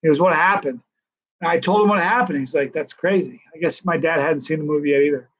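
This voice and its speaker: A man in his sixties hosting a casual live stream Q&A, telling stories in a chatty, animated way. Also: fairly high pitch, very fast. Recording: dull lo-fi live stream audio.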